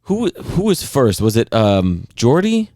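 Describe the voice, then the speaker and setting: A man's voice: mid-range voice, wildly swooping pitch, takes it slowly, warm tone, no room sound, clean studio sound. A man co-hosting a podcast in casual chat, blunt and profane in his jokes. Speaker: podcast co-host.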